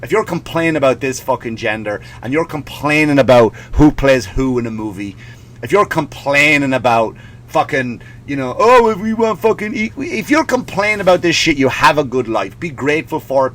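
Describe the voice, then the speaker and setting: A man's voice: medium pitch, lively intonation, normal speed, fairly bright tone. A male comedian and podcast host delivering a profane, sarcastic comic rant, possibly, slipping in mocking voices.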